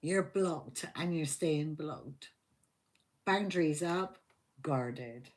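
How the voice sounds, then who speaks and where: A woman's voice: deep voice, drawn-out words. A woman giving a live tarot reading, heated and fiercely protective of her viewer, swearing constantly. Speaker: tarot reader.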